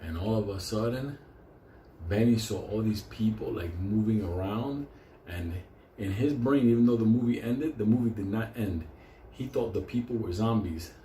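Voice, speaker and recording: A man telling a profane comic story, animated and often laughing. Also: on the low side, normal speed, slight background noise. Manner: animated, laughing, heavy swearing. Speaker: show host telling a story. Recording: echoey room with faint ambience.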